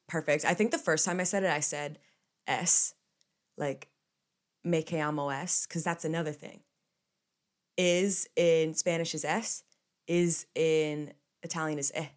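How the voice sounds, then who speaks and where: Chatty young woman podcast host. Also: fairly low pitch. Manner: chatty, animated storytelling with playful asides. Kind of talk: casual solo podcast chat.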